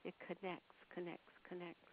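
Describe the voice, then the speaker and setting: A woman channeling a spirit's words on a phone call, speaking in a slow, measured, soothing way with long pauses. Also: lowish voice, monotone. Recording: tinny phone line with faint hiss.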